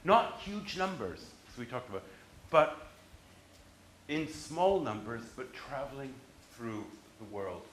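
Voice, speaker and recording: A man's voice: mid-range voice, expressive, takes it slowly, a bit bright, reverberant, slight background noise, rough recording. A man giving a university history lecture, emphatic and restarting his sentences as he explains.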